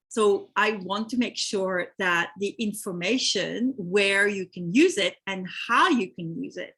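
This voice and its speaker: A woman's voice: medium pitch, measured pace, hardly any pauses, pushed and bright, slightly rough. A woman with a French accent hosting a live webinar, chatting with attendees and reading their names from the chat. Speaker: webinar host.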